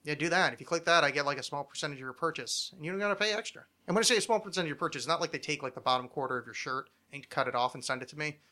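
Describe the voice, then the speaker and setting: Light-voiced male podcast host from New Jersey, fairly high and bright, rambling and jokey. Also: rapid-fire, few pauses. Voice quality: light, not resonant. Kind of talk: casual podcast chat.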